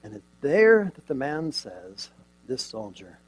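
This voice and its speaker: A preacher with a medium-pitched voice and big pitch swings speaks slowly, dramatically retelling a scene in his sermon. He asks rhetorical questions and jumps from loud emphasis to near quiet without warning. The audio is poor.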